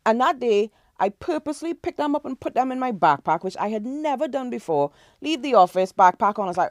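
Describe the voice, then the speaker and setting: A woman from Trinidad and Tobago hosting a podcast, telling a story in a lively, animated way. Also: on the high side, a little fast, hardly any pauses, no room sound, studio quality. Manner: animated storyteller, acts out quoted voices, laughs often. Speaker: podcast host. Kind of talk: casual interview chat.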